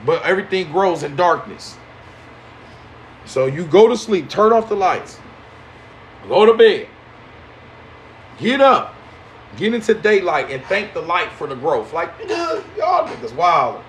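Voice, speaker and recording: A man with a fairly high voice preaches in to a live audience. He talks in slang, swinging between loud outbursts and low mocking asides. A faint hum of ambience sits behind him. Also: very animated, a little slow, pauses often. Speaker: spiritual teacher.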